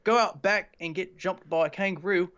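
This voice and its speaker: A man's voice: high voice, normal speed, a bit bright, smooth, dull audio, pitched above the performer's own voice. A man voicing an oblivious, stubborn tech customer in a put-on Australian accent, rambling a bit nervously. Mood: indignant.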